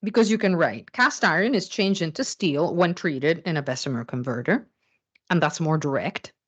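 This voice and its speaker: A woman's voice: low-pitched, expressive, moderate pace, husky, highs cut off. A middle-aged woman teaching a writing class, explaining step by step and often checking in with "okay?". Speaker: writing instructor. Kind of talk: recorded classroom lecture.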